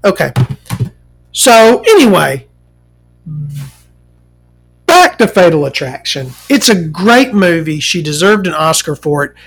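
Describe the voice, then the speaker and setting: A woman hosting a casual talk show, ranting in a profane, animated, rambling way. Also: fairly low pitch, slow, pauses often, slightly rough, soft background music.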